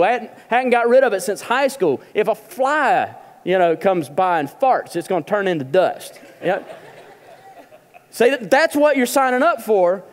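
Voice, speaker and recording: Male pastor, humorous sermon, high voice, long church reverb. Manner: humorous, conversational, quick. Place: church auditorium.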